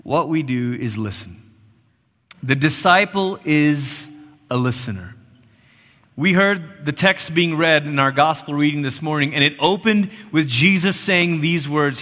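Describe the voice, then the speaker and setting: A man's voice: on the high side, bright, forceful tone. A man preaching a sermon in a church, emphatic and repetitive, sometimes dropping to a near whisper for stress. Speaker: pastor. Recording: long church reverb.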